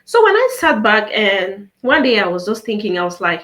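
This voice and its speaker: A woman's voice: medium pitch, moderate pace, few pauses. Earnest woman from Cameroon telling her story. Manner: earnest, storytelling with animated quoted dialogue. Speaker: author and interview guest. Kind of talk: conversational interview storytelling.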